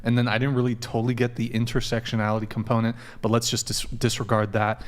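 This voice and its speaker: A man's voice: medium pitch, monotone, fast talker. A man hosting a podcast panel, moderating loosely and reading from notes, tripping over words and swearing casually.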